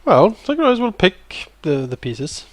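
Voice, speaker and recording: Animated man chatting at a game table. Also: sits high, measured pace, dry recording. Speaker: player.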